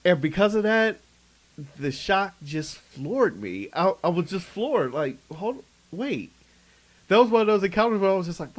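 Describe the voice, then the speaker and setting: A man co-hosting a podcast, telling a story in casual chat, animated and laughing as he acts out quotes. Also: high-pitched, normal speed, dry recording. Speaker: podcast co-host.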